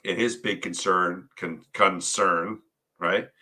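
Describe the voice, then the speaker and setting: This is a man talking as a guest in a podcast interview. His voice sits fairly low but has a bright, forward tone. He speaks earnestly and keeps tagging his points with a quick "right?". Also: steady tone, husky. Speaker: podcast guest, paranormal author. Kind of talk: conversational interview.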